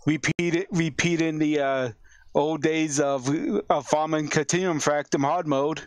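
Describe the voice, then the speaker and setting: A man calling into a podcast over Skype, talking in a relaxed, slightly hesitant way. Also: fairly high pitch, a little slow, smooth, no echo. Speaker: caller. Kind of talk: casual chat. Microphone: Skype call.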